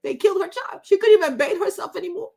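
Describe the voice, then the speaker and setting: A woman's voice: very high-pitched, animated, fast, darkish tone. A woman in her thirties hosting a vlog, giving emotional commentary, tearful at times and repeating her phrases over and over. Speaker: vlog host.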